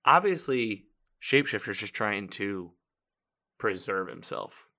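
A man hosting a podcast, giving casual, animated commentary as he recaps a TV episode, quoting lines and laughing. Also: lowish voice, measured pace. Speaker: podcast host. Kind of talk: casual live-watch commentary.

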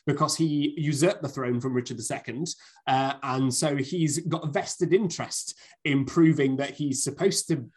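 An enthusiastic male podcast host who asks articulate questions and reacts with clear delight. His voice runs slightly higher than most men's, and his talk is casual and easy. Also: moderate pace, darkish tone.

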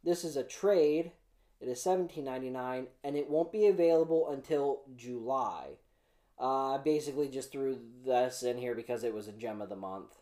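A man's voice: mid-range voice, normal speed, mellow. A young man hosting his own show, chatting casually and rambling with plenty of fillers as he runs through upcoming releases. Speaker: comic preview host. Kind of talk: casual solo vlog.

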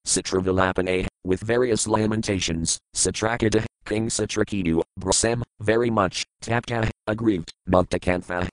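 A man's voice: fairly low pitch, no echo, rough recording. Man reciting scripture in a dry voice. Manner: measured, deliberate recitation. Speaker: scripture reader. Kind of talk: reading scripture verses with word meanings.

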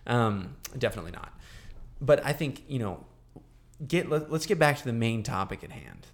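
Young guy cohosting a podcast, mid-pitched voice, playful and joking around. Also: sing-song. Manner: playful, jokey, talks in quick bursts. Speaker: podcast co-host. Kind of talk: casual podcast chat.

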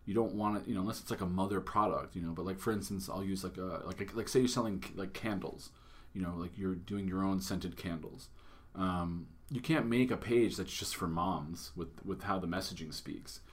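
A man in his thirties with a lowish voice chats casually on a podcast about marketing tips. He talks loosely, full of fillers and restarts. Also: normal speed. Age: 30s. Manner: chatty, lots of fillers and restarts. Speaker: podcast host.

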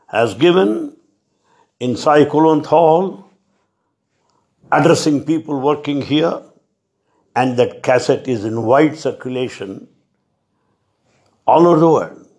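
A man giving a devotional talk, stressing his points in measured lists with pauses. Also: a little high, darkish tone. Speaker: spiritual speaker.

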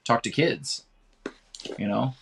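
A man's voice: mid-range voice, lively intonation, slow pace, vocal fry, fairly bright tone, husky. A man in his thirties co-hosting a parenting podcast, easygoing and joking in casual chat. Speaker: podcast co-host.

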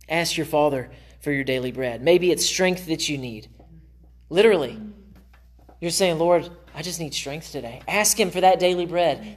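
A man pastor preaching a sermon in a church, earnest and conversational. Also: on the high side. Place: church sanctuary.

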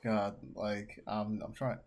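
A man's voice: lowish voice, level tone, takes it slowly, darkish tone. Laid-back man co-hosting a podcast. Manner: laid-back, hesitant with fillers. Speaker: podcast co-host. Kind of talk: casual chat.

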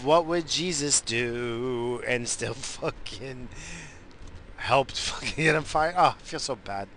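A man rambling in a profane, easily distracted casual monologue while high. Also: animated, unhurried, fairly bright tone.

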